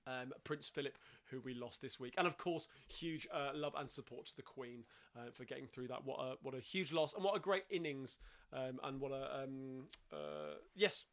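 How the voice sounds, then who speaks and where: A man's voice: mid-range voice, lively intonation, normal speed, a bit bright. A man with a London Cockney accent hosting a live-streamed sing-along, chatting casually between songs with lots of fillers and restarts.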